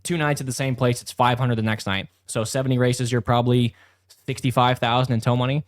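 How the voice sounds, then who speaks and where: Brisk, matter-of-fact male race driver. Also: mid-range voice, level tone, dry recording, clean studio sound. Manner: matter-of-fact, explains numbers plainly. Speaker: race car driver and podcast host. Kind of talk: casual podcast chat.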